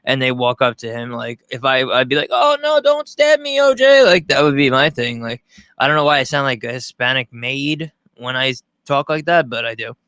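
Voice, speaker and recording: Reacting to a news clip at home, a Long Island, New York streamer rambles through profane, casual livestream commentary and keeps restarting sentences. His mid-pitched voice is brisk, sharp and clean, with fairly even intonation and no room sound.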